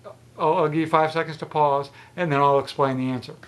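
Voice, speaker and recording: A man's voice: a little high, steady tone, fairly quick. A man in his sixties hosting a trivia channel, chatting outdoors as he explains a math riddle, rambling and restarting his sentences. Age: 60s. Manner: chatty and rambling, with repeated false starts.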